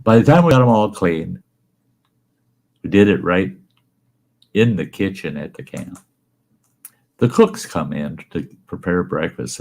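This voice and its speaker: Man, folksy salty storyteller, deep voice, gravelly, husky. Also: a little mellow. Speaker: storyteller host.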